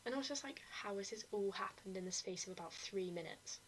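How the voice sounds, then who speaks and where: A woman's voice: mid-range voice, fairly quick, slight background noise, poor audio. A young woman co-hosting a podcast, telling stories animatedly in casual chat and swearing often. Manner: animated storytelling, frequent swearing. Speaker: podcast co-host.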